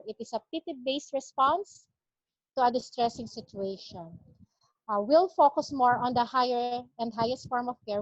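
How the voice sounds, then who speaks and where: A woman's voice: fairly high pitch, no echo. A woman doctor giving a medical lecture in an earnest, explanatory way, carefully defining terms. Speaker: palliative care consultant lecturing. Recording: dull, dry lo-fi audio.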